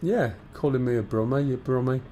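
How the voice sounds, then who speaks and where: This streamer, a man with a Midlands Black Country accent, talks in a warm, mid-range voice at a slightly fast pace, with a bit of hiss or hum behind him. He chats and jokes with viewers as he walks them through starting up the cockpit.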